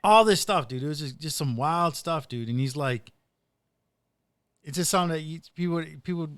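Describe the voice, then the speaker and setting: A man's voice: on the high side, normal speed, a bit bright, smooth, dry recording, clean studio sound. A man hosting a casual podcast, rambling through retold stories with plenty of "dude" and "like". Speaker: podcast host.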